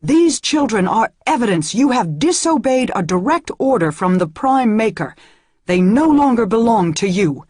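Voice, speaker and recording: A cruel female commander barks her orders slowly and harshly, as a woman reads her part. The voice is a little husky and sits dry and close. She sounds cold and in total control. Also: fairly low pitch, animated, dry recording. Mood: shouting orders. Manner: harsh, slow, shouting orders.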